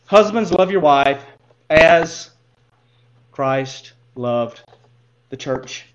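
A man's voice: fairly high pitch, expressive, drawn-out words, dull audio, a little hiss or hum. A man preaching a sermon as pastor, speaking earnestly and putting direct questions to his listeners.

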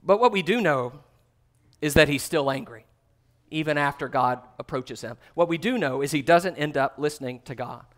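A man delivers a sermon in a fairly high voice. He talks earnestly to his listeners. For emphasis he sinks to a hushed, soft tone. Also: normal speed. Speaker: pastor.

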